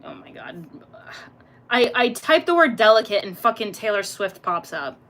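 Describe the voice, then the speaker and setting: A woman's voice: fairly high pitch, very animated, moderate pace, fairly bright tone. A young woman hosting a casual livestream, reading chat aloud, laughing often and swearing freely as she chats playfully.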